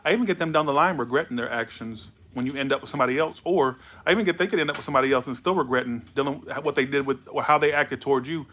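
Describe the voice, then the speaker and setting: A man's voice: mid-range voice, rapid-fire, few pauses, bright, forceful tone. A tipsy man doing a loose, rambling, playful tarot reading. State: tipsy from alcohol. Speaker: tarot reader.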